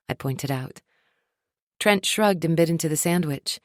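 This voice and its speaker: A woman narrating a first-person romance audiobook in an expressive, wry storytelling manner. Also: deep voice, measured pace, no room sound, studio quality.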